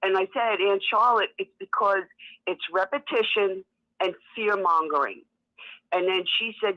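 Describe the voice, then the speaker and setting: A woman's voice: medium pitch, a little slow. A woman with a New York accent, calling in to a talk show and telling a story in a chatty way over the phone. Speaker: caller. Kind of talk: phone-in chat. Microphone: telephone. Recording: muffled phone line.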